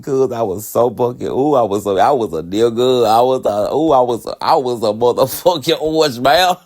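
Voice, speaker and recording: A man's voice: mid-range voice, moderate pace, few pauses, darkish tone. A man hosting a podcast, telling a personal story in a candid, profane way and laughing often. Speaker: podcast host.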